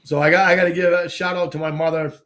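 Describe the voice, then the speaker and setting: A man's voice: a little high, fast. A man from Boston hosting a casual talk show, telling stories with a lot of slang and acting out the dialogue. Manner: animated, acts out quoted dialogue, salty slang. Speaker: show host. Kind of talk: casual storytelling chat.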